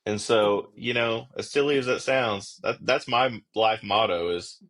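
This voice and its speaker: A man who is a police officer and podcast guest, explaining his views in a steady, reflective way. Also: lowish voice, a little slow. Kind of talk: casual conversational interview.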